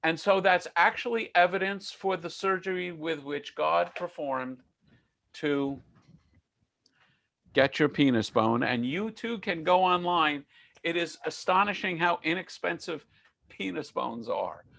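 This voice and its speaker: A man's voice: on the high side, a little slow, gravelly, fairly bright tone. A man giving an online lecture on myths, talking in a conversational, digressive way with dry jokes.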